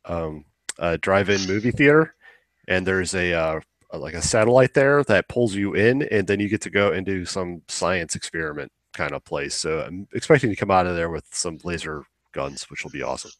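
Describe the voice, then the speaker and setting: Low-voiced man rambling in dry sound. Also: lively intonation, moderate pace, a bit bright, no room sound. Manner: rambling, swears casually, acts out quotes. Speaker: podcast co-host. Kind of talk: casual chat.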